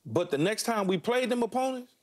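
A middle-aged man co-hosting a sports talk show, telling stories about his playing days in animated, punchy fragments with lots of repeats. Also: high voice, a little fast. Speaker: sports talk show co-host, former NFL receiver. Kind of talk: casual sports talk storytelling.

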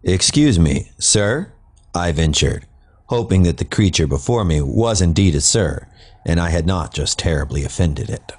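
A man's voice: sits low, moderate pace, a little mellow. A man narrating his own comic horror story in a wry, dry manner. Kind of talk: scripted narration.

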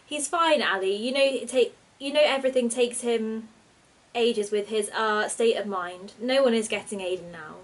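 A woman's voice: on the high side, moderate pace, lightly acted. A woman voicing a blunt, commanding older witch grandmother. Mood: dismissive.

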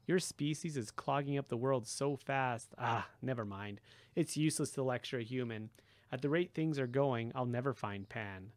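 A man's voice: mid-range voice, normal speed, no echo, lightly acted. A man voicing Grover, an earnest young satyr. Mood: bitter. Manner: mournful, turns indignant. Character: earnest young male satyr, gentle and idealistic.

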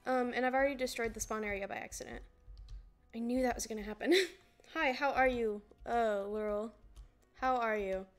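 A woman's voice: fairly high pitch, moderate pace. A young woman streaming a game, chatting casually and rambling while greeting her viewers. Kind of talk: casual livestream chat while gaming. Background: music playing.

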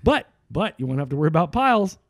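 A man's voice: on the high side, very animated, fast, dry recording. A man co-hosting a podcast, chatting casually and rambling through stories with lots of restarts. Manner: rambling, self-interrupting storyteller. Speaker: podcast co-host. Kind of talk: casual banter.

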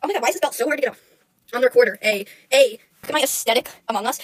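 A woman's voice: on the high side, racing, background noise. A young woman streaming, chatting casually and rambling to her chat, often giggling, close to the mic.

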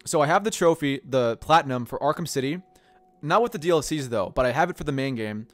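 A man casually chatting on a gaming stream, excitable and laughing often. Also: mid-range voice, fast, dry recording, faint music behind.

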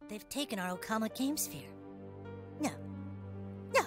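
Impatient cartoon schoolboy, high and bouncy, whiny and fed up. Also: male voice, animated, measured pace, over music. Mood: exasperated. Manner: whiny, exasperated. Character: impatient young cartoon boy gamer.

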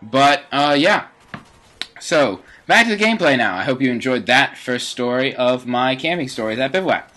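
A man's voice: medium pitch, lively intonation, moderate pace, sharp tone. A teenage boy giving casual, rambling commentary over his gameplay, with lots of fillers and self-corrections. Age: teens.

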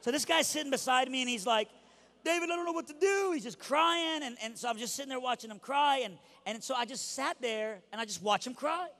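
A preacher man from Iran telling a comedic story in a sermon at a youth event, animated and blunt, acting out the voices he quotes. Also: very high voice, fairly quick, hardly any pauses. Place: large hall at a youth event. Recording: long reverb of a large hall.

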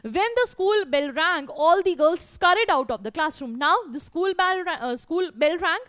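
A young woman with a high voice teaches a story lesson. She says each line, then says it again in simpler words, with lots of fillers along the way. The sound is dry and close, with no room echo. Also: lively intonation, moderate pace, fairly bright tone. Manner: repetitive, explains and rephrases each line, many fillers. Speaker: English teacher.

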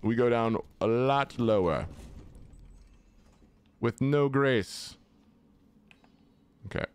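A man's voice: medium pitch, drawn-out words, a little mellow, clean tone. A young man casually commentating his own gameplay, chatty and jokey, talking to the enemies on screen. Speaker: gaming channel host. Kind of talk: casual let's-play commentary.

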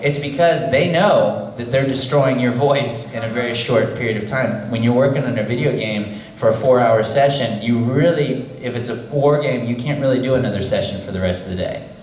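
A man's voice: mid-range voice, brisk, hardly any pauses, a little mellow, slight background noise. A man speaking as a voice actor on a convention panel, telling a story in a playful way. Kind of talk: convention Q&A chat. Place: convention hall. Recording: roomy convention hall.

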